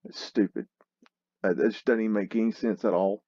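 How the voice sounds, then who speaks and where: A man's voice: lowish voice, fairly even intonation, a little fast, warm tone, dry recording, lo-fi sound. A man hosting a casual commentary over old photos, scoffing and exclamatory, with a mocking edge. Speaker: host.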